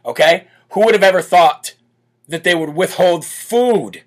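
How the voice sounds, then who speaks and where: A man's voice: high-pitched, unhurried. A man hosting a live political commentary show, speaking in a brash, bold, emphatic way. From United States. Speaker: political talk show host.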